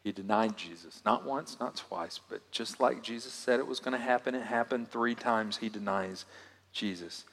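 A man's voice: fairly low pitch, moderate pace. Man preaching in a reverberant hall. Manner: dynamic delivery, swinging from loud emphasis to hushed asides. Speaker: pastor. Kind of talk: sermon.

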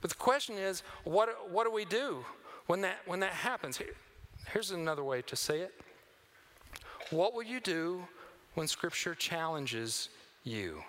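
A man preaching a sermon as pastor, swinging between loud emphatic lines and hushed near-whispers. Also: sits high, animated, measured pace, pauses often.

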